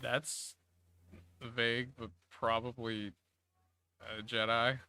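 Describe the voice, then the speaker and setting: A man's voice: medium pitch, little pitch movement, takes it slowly, bright, forceful tone, clean tone. A man answering trivia on a casual podcast, laid-back and swearing casually. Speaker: podcast co-host answering quiz questions. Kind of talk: casual chat.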